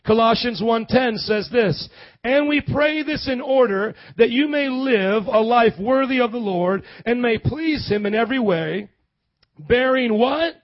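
A man from the American Midwest preaching a sermon as pastor, animated and calling on the congregation to answer back. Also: extremely high pitch, unhurried, no echo, highs cut off. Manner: animated, calls for congregation responses.

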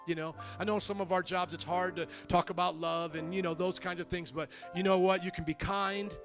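A man preaching a sermon as pastor, telling stories with lively, acted-out quotes. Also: high voice, brisk, faint music behind. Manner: lively storytelling, acts out quoted voices.

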